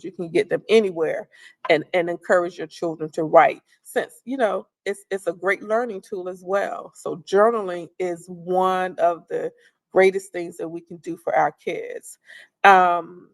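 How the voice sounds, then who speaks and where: A middle-aged woman giving a parenting workshop in a calm, conversational way, often repeating phrases. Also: on the low side, moderate pace. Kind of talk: instructional talk.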